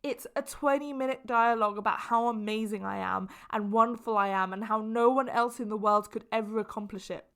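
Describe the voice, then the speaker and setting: Animated young woman, slightly high voice. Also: a little fast, few pauses. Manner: animated, exaggerating storyteller who laughs often. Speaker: podcast host. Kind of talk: casual solo podcast talk.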